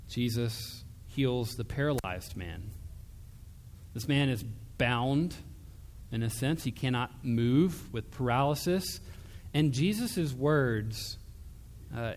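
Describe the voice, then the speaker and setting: A man preaching a sermon in an earnest, emphatic way, dropping soft and low when he quotes. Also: big-room sound, slight background noise.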